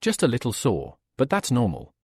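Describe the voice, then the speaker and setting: A man voicing a calm, unfazed young male hunter in a plain, matter-of-fact way. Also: medium pitch, normal speed, slightly rough, dry recording, studio quality, exaggerated voice.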